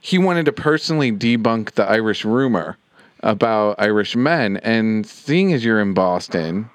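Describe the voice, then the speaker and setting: A man's voice: on the low side, animated, measured pace, dry recording. A man co-hosting a podcast, easygoing and joking as he reads listener emails. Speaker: podcast co-host. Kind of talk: casual chat, reading listener emails.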